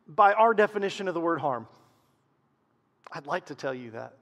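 A man preaching a sermon as pastor, swinging from loud emphasis to hushed, quiet lows. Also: animated, moderate pace, long pauses, long reverb tail.

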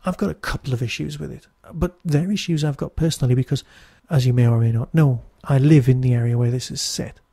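A man's voice: mid-range voice, fast talker, gravelly, few pauses, warm tone, slightly rough, no room sound, studio quality. A Newcastle man with a Geordie accent hosting a podcast, reviewing in a chatty, wry, digressive monologue. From Newcastle, England. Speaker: podcast host.

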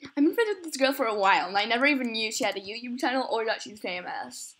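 A woman's voice: on the high side, lively intonation, fast talker, a bit bright. A young woman chatting casually while playing a game, rambling, often giggling and laughing at herself. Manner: giggly, rambling, many self-conscious laughs. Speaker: gamer recording gameplay. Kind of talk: casual gameplay chat.

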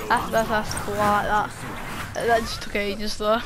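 A woman giving excited, giggly commentary while playing a game, yelping and shouting at what happens on screen. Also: medium pitch, unhurried, background noise. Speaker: gaming video host.

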